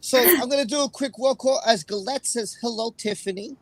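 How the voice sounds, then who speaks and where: A man's voice: very high voice, brisk, no echo, low-quality recording. A man hosting a livestream and chatting casually. He sounds emotional and apologetic, and he reads out viewers' comments by name. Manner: emotional, apologetic, reads chat names aloud. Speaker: livestream host.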